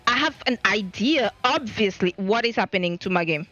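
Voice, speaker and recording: A woman's voice: mid-range voice, expressive, normal speed, hardly any pauses, sharp tone, dry recording, muffled recording, soft background music. A woman streamer talking in a casual live-stream monologue, rambling and flustered, often stammering and restarting her sentences.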